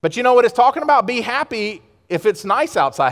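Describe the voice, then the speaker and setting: A man with a high voice preaches a fervent sermon from the United States, his words ringing out through a church sanctuary with a long, trailing reverb. He swings from loud exhortation down to quiet, pointed asides. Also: lively intonation, a little fast, few pauses. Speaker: pastor. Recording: long reverb of a large hall.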